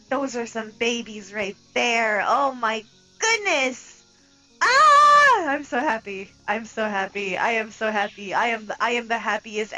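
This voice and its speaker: High-voiced excitable woman streamer. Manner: excitable, gasping and squealing with delight. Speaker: streamer playing a multiplayer block game. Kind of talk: casual live-stream chatter.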